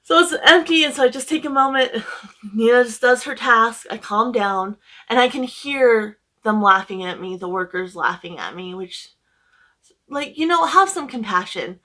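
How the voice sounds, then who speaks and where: A woman's voice: a little high, animated, normal speed, a bit bright. A young woman casually telling a long, emotional story to her camera at home, rambling with many fillers. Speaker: book vlogger.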